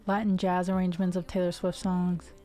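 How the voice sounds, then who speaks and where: A woman's voice: on the low side, little pitch movement, a little fast, mellow. A woman from the Ohio River Valley hosting a music livestream, chatting casually and rambling with restarts and fillers. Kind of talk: casual chat with stream viewers.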